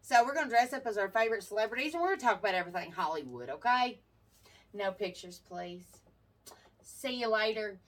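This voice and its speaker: A woman's voice: mid-range voice, lively intonation, a little fast, recorded from a distance. A woman hosting her own podcast, chatting casually with crude jokes and frequent laughter. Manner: crude, joking, laughs often. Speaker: podcast host. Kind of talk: casual chat. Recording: voice from away from the mic.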